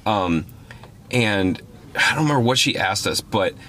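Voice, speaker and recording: A man's voice: lowish voice, unhurried, a little hiss or hum. A man from Wisconsin with a Wisconsin accent, telling stories in a casual chat with heavy swearing. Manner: profane, animated storyteller.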